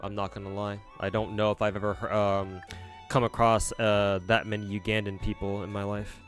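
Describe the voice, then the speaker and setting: A man's voice: lowish voice, little pitch movement, normal speed, a bit bright, soft background music. A young man chatting casually as a streamer, answering viewers with lots of fillers and restarts. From United States. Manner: rambling, many fillers and restarts.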